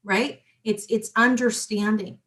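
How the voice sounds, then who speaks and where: A middle-aged woman with a voice on the high side speaks a little slowly while hosting a spiritual talk show. Chatty and animated, she restarts sentences often and addresses asides to her listeners.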